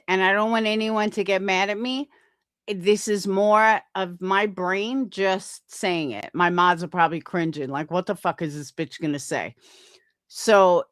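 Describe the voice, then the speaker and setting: A woman's voice: mid-range voice, fairly bright tone, no echo, clean studio sound. A middle-aged woman streamer commenting on clips in a blunt, profane, sarcastic way.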